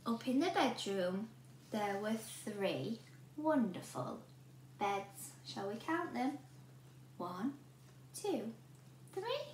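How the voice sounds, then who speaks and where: A woman teacher reading a storybook aloud to children in an animated way, often asking the listener questions. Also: on the high side, takes it slowly, pauses often. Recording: roomy room with a faint hum.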